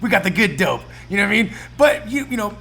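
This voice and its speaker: Rambling Bay podcast host. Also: male voice, high-pitched, big pitch swings, fast, vocal fry, sharp tone. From San Francisco Bay Area. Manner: rambling, constant "you know what I mean", swears freely. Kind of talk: casual chat.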